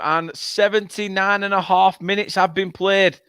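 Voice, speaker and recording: Excitable football fan, dry close mic. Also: male voice, high-pitched, a little slow, clean tone, no room sound. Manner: excitable, swears when frustrated. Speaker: fan channel co-host. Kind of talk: live watchalong commentary.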